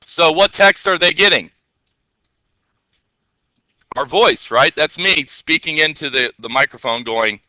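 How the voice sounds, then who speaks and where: A male teacher giving a classroom coding lesson, energetic and constantly checking in with rhetorical questions. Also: fairly high pitch, a little slow, long pauses, no room sound, poor audio.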